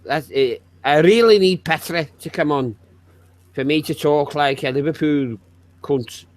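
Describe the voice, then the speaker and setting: A man's voice: fairly high pitch, measured pace. A man from Yorkshire with a Yorkshire accent, chatting casually and joking with swearing and playful northern storytelling. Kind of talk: casual chat with banter.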